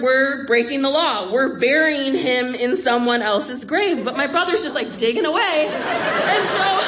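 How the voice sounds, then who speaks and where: Brief: woman storyteller, live stage, wry timing, slightly high pitch, faint audience behind. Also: background noise. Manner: lively, wry comic timing.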